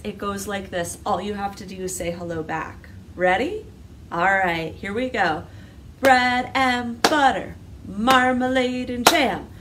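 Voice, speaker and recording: A woman leading a children's library storytime, singing a hello song and coaxing the kids to answer. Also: fairly high pitch. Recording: distant mic with clear background noise.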